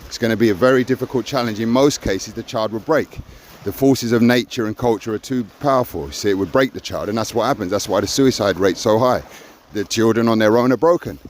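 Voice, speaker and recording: A man's voice: fairly low pitch, a little fast, hardly any pauses, slight background noise. A man in his sixties in an emphatic, reflective conversation, often adding "see?" and acting out quoted encouragement. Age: 60s. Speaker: co-host of a personal growth talk.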